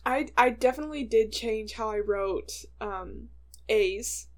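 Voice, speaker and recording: A young woman from the northern United States, co-hosting a casual chat with a dry, deadpan manner and easy laughs. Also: on the high side, unhurried. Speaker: podcast co-host.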